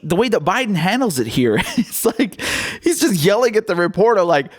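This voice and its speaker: A man's voice: sits high, big pitch swings, normal speed, hardly any pauses. Indignant male political commentator. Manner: indignant, blunt, swears.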